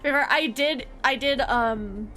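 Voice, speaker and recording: A woman's voice: high-pitched, unhurried, bright, forceful tone, soft background music. A young woman from the United States streaming a game and chatting casually, rambling with lots of "like" fillers. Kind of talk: casual chat while gaming.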